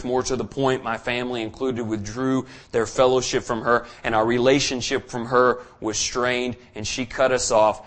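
A man's voice: mid-range voice, fairly bright tone. A man preaching a sermon, telling a personal story earnestly and building to fervent emphasis.

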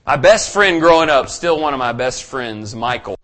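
A man's voice: medium pitch, animated, normal speed, a bit bright. A man preaching a sermon, telling a personal story earnestly and building to fervent emphasis.

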